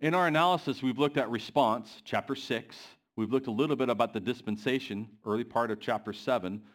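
A man delivering a sermon in a church, often pausing to put questions to the congregation. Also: mid-range voice. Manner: asks the congregation questions, pacing varies. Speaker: preacher.

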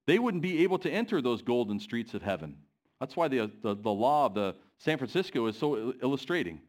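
A man delivering a sermon in a church, often pausing to put questions to the congregation. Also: mid-range voice, sing-song. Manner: asks the congregation questions, pacing varies. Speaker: preacher.

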